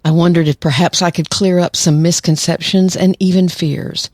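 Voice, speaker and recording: A woman's voice: on the low side, fairly even intonation, normal speed, a little mellow, dry recording, studio quality. A woman in her sixties, a psychologist who hosts a podcast, speaking in a chatty monologue with light laughs. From United States. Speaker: podcast host, clinical psychologist.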